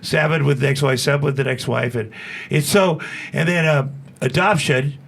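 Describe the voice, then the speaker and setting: A man's voice: on the high side, normal speed, gravelly, fairly bright tone, slightly rough. A man in his sixties, a podcast guest, telling long rambling stories with restarts and acted-out quotes. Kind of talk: casual storytelling.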